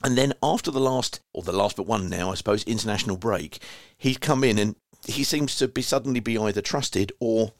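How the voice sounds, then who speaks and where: A chatty man hosts a fan call-in and reads out listener messages with wry, rambling asides. His voice sits fairly low. The sound is dry and close, with no room around it. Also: fairly quick, no echo. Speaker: fan podcast host. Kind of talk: casual chat, reading listener messages. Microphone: online audio call.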